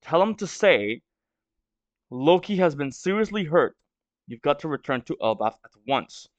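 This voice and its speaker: A man's voice: fairly high pitch, big pitch swings, normal speed, no echo, highs cut off. A stuffy-nosed man reading a menacing pirate captain. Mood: commanding. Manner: curt and ordering. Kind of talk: reading a manga aloud.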